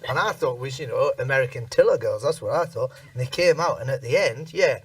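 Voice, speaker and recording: Husky, lively male comedian rambling. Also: medium pitch, fast talker, no room sound, far from the mic. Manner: rambling, laughs through his stories, acts out voices. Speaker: comedian panelist. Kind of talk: rambling comic anecdote.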